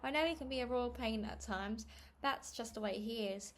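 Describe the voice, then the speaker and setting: A woman's voice: on the high side, moderate pace, close to an everyday voice. A woman reading aloud and voicing a glib, self-serving middle-aged aunt who gushes and brushes off other people's troubles. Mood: dismissive. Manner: gushing, breezy, talks over others.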